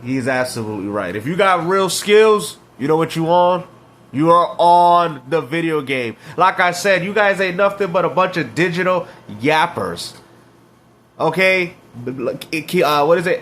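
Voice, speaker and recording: A man's voice: on the high side, big pitch swings, unhurried, fairly bright tone. A man reacting to clips and ranting about video games, mocking and slangy, laughing at his rivals. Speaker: gaming commentator.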